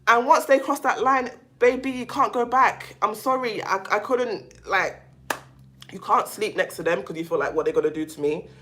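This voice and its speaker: Emphatic woman with a bright voice. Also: mid-range voice, normal speed, a little hiss or hum. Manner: emphatic, animated, calls the listener "baby"; repeats herself and restarts often. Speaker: vlogger talking about narcissistic abuse. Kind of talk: casual monologue to camera.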